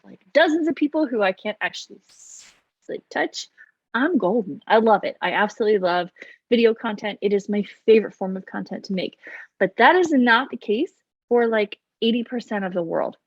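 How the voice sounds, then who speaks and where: Fast, loud woman coaching to camera. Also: mid-range voice, no room sound. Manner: loud, fast, animated talker who talks with her hands. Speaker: business coach. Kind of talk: casual to-camera advice. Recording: dull, slightly lo-fi, dry sound.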